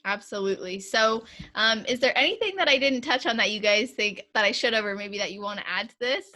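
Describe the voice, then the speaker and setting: A young woman hosts a podcast over a video call, talking in a chatty, upbeat way. Her voice is bright and forward, and she laughs easily between thoughts. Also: a little high, lively intonation, brisk. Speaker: podcast host. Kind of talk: casual group chat on a call.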